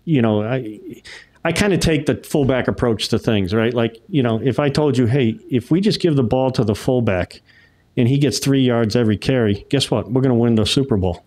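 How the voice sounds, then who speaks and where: A middle-aged retired baseball umpire from Connecticut is a guest in a casual interview, telling stories in a medium-pitched, brisk voice. He's an animated storyteller who acts out the quotes.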